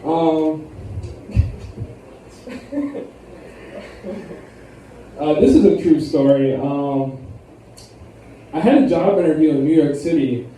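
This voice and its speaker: A man's voice: a little high, lively intonation, very slow, long pauses, dark tone, slight background noise. Laid-back young man doing stand-up in an echoey room. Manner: laid-back, rambling delivery with many fillers. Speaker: stand-up comedian. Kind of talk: stand-up comedy set. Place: lounge with a live audience. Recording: echoey room, far from the mic.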